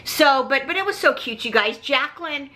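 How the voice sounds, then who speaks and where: Middle-aged mom vlogger, chatty, bright higher voice. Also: female voice, lively intonation, normal speed. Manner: chatty, keeps saying "you guys". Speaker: vlog host. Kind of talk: casual storytelling to viewers.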